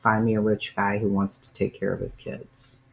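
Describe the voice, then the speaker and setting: A man's voice: lowish voice, level tone, normal speed, vocal fry, a little hiss or hum. A man hosting a casual livestream, answering viewers' chat by name and sounding emotional and sighing as he talks. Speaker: livestream host.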